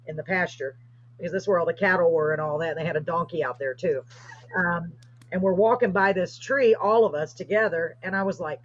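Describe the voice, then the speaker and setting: A woman's voice: fairly low pitch, slightly rough. A woman, hosting and animatedly telling a story in a casual chat. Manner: animated, excited retelling. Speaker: host. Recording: dull lo-fi livestream audio.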